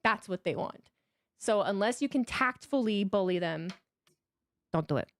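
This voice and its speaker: A woman co-hosting a podcast, talking bluntly and swearing freely as she lays out her advice point by point. Her voice sits at an ordinary middle pitch, and the sound is dry and close. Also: lively intonation, moderate pace, no room sound. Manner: blunt, profane, gives advice in steps. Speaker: podcast co-host. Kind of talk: casual podcast chat.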